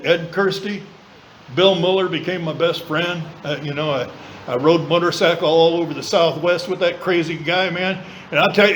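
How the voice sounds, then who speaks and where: A man speaking at a recovery meeting, telling his story in a blunt, colloquial way with some swearing and quick impressions of other people. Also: high voice, fairly bright tone, slight background noise, rough recording. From southern California. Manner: mimics voices of others in quoted lines. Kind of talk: personal recovery talk. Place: meeting room.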